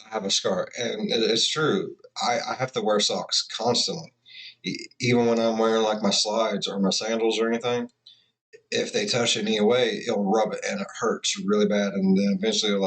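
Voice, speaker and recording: A man giving rambling, profane, casual commentary as a reaction video host. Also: on the low side.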